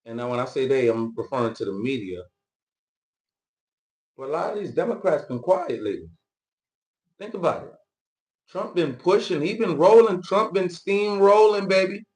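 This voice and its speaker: A man's voice: a little high, animated, moderate pace, pauses often, a little mellow. A man hosting political commentary, reacting to news clips in loose, slangy casual talk.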